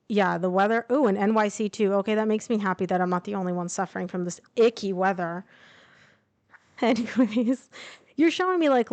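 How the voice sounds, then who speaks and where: A woman's voice: medium pitch, darkish tone, no room sound. A woman casually reading tarot cards to camera, chatting and thinking aloud with fillers and asides. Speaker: tarot reader. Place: indoors, traveling.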